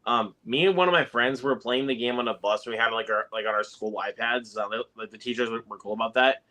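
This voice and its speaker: Young guy telling a story on a stream, lots of ums, bright voice. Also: medium pitch, fast. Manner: storytelling, many fillers like um. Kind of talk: casual group chat on stream.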